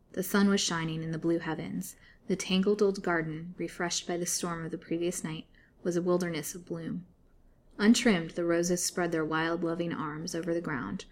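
A woman narrating a serialized storybook in a steady, expressive reading. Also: fairly low pitch, slight background noise. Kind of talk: scripted narration.

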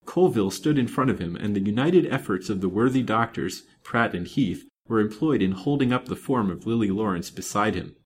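A man narrating a serialized old novel in a measured, dramatic reading. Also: lowish voice, lively intonation, a little hiss or hum. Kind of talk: scripted audiobook narration.

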